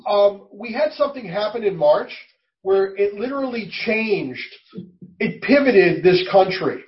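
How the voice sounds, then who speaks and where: A man's voice: high voice, lively intonation, a little slow, far from the mic. A man speaking for a college in an interview, enthusiastic and emphatic. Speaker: college representative. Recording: muffled, away from the mic.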